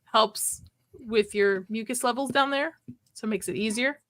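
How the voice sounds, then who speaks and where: Blunt laughing woman, high bright voice, dry mic. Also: moderate pace, no room sound. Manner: blunt and laughing, explains casually. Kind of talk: casual chat.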